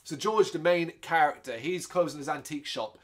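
A man co-hosting a film podcast in casual chat, lively and swearing, often acting out characters' lines. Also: a little high, brisk. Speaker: podcast co-host.

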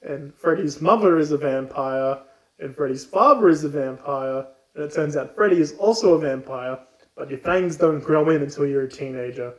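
A man's voice: on the high side, normal speed. A man co-hosting a podcast, casually retelling a book in an irreverent, profane way. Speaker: podcast co-host. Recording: roomy echo.

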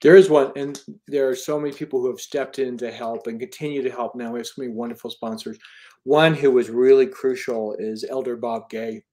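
A man in his fifties who is an author and charity founder chats in a casual interview, fairly quickly and with fairly even intonation. His mid-range voice has a darkish tone, and his earnest stories ramble with restarts and fillers.

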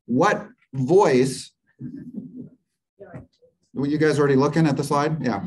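Slow, higher-voiced man teaching Bible. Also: warm tone, slight background noise, poor audio. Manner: asks the class questions and waits for answers; explains Greek grammar step by step. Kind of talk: teaching a church Bible class.

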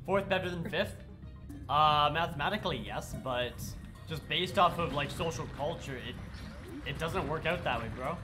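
A man's voice: a little high, moderate pace, music in the background. A man streaming a game live while sick, chatting to viewers and swearing at the game. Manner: swears and yells at the game, chats with chat. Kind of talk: live gameplay commentary.

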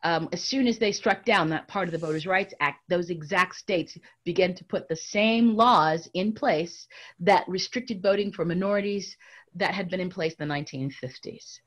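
A woman storyteller telling a story to an audience, swinging between bright raised tones and hushed near-whispers and speaking to listeners directly. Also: fairly low pitch, moderate pace, dull audio. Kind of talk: oral storytelling lecture.

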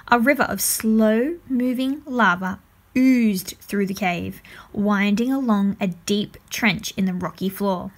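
A woman reads a children's adventure story aloud at a mid-range pitch. Her narration is calm and even, carrying the listener from scene to scene. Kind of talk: reading a children's book aloud.

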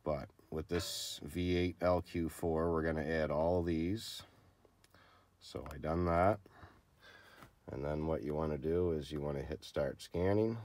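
A man's voice: extremely low pitch, steady tone, measured pace, a little mellow. A man hosting a casual how-to video, explaining a repair in a laid-back, rambling, plain-spoken way. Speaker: channel host showing car diagnostics.

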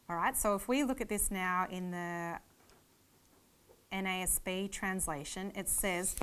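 A woman teaching a Bible lecture, her voice sitting at an ordinary middle pitch. She lays out numbered points earnestly and explains each one step by step. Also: a little slow, smooth.

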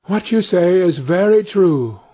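A man's voice: high voice, expressive, unhurried, slightly rough, voice pushed up, full character voice. A man reading as a wistful peasant wife. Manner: wistful and gentle. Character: wistful woodman's wife longing for a child.

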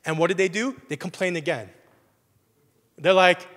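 A man's voice: sits high, moderate pace, pauses often, fairly bright tone. A young man preaching a sermon as a pastor in a conversational way, often checking in with "right?". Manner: conversational, frequent "right?" asides. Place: church sanctuary. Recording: long reverb of a church hall.

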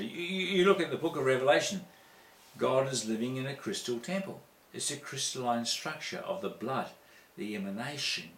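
Speaking into a handheld mic, a man delivers an impassioned spiritual sermon that is rhythmic and repetitive, with sudden leaps into high exclamations. His tone is fairly bright, and the sound is roomy.

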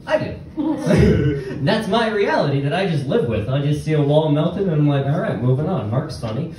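A young man doing a rambling stand-up set with halting restarts and nervous laughs before a small live audience. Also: fairly high pitch, very animated. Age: young adult. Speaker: stand-up comedian. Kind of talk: open-mic stand-up set. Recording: very echoey room, distant mic, faint noise.

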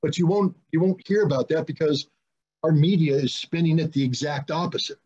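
Middle-aged man, husky, pitched a bit high, emphatic and insistent, lo-fi video call audio. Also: brisk, mellow. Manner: emphatic and insistent, repeats key points. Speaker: guest, former weapons inspector. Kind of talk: conversational explanation in an online discussion. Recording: muffled lo-fi online call audio.

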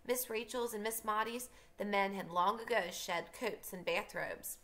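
A woman teacher reads a novel aloud for her students and stops now and then to explain. Her voice is bright with a gravelly edge. Her pitch sits in a middle range. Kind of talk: reading a novel aloud for a class.

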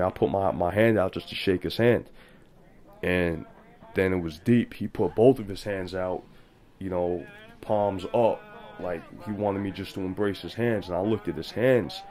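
A man's voice: deep voice, a little mellow. A man, a street photographer, telling a story in a documentary voice-over, talking casually in street slang and retelling what people said.

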